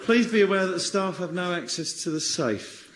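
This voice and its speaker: A man acting as a bank robber in a radio comedy sketch, lively and often breaking character. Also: sits high, moderate pace, echoey room, heavy background noise.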